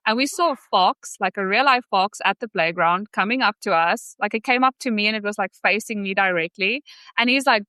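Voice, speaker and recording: A woman's voice: on the high side, lively intonation, brisk, bright, forceful tone, no room sound. A woman guest telling personal stories on a podcast, heartfelt and earnest. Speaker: podcast guest, sales student. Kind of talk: candid personal storytelling.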